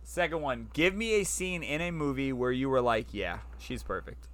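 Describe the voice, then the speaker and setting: A man's voice: fairly high pitch, expressive, normal speed, fairly bright tone, smooth. A man hosting a podcast in casual chat, talking bluntly and swearing freely. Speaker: podcast host.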